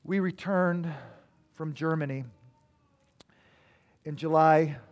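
A man preaching a sermon as a pastor, emphatic, with sudden swings between loud declarations and quiet asides. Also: on the high side, steady tone, slow pace.

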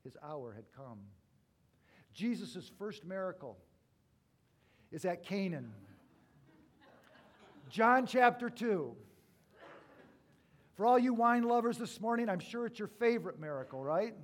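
A male pastor preaching a sermon, telling stories with big swings from loud to hushed. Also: high voice, very animated, takes it slowly, pauses often.

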